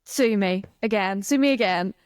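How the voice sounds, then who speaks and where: A woman's voice: mid-range voice, normal speed, smooth, dry recording, studio quality. A woman co-hosting a casual podcast, chatty and playful, with plenty of "like" fillers. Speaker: podcast co-host.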